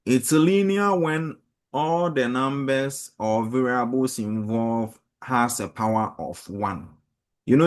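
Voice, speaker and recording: Man teaching a class math lesson. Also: lowish voice. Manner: asks the class questions, explains step by step.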